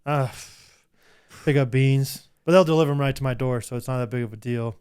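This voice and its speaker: A man's voice: medium pitch, brisk, darkish tone, clean tone. A man co-hosting a podcast, joking around playfully and laughing often in casual chat. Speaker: podcast co-host.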